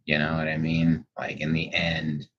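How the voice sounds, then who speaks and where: A man with a very deep, slightly bright and husky voice speaks at a moderate pace in a completely flat delivery, and the highs are cut off. He's a livestreamer at home answering chat, talking candidly and reflectively, rambling a little and swearing plenty.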